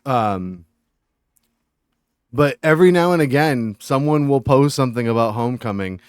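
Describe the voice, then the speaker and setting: Smooth-voiced man ranting on a live stream. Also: on the low side, no room sound, clean studio sound. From Massachusetts. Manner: animated ranting, reading chat aloud. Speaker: game streamer. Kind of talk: casual live-stream chat.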